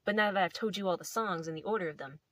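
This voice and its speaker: A woman's voice: on the low side, very fast, a bit bright, no echo. A young woman casually telling a playful story to camera, rambling with lots of filler words. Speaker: video host.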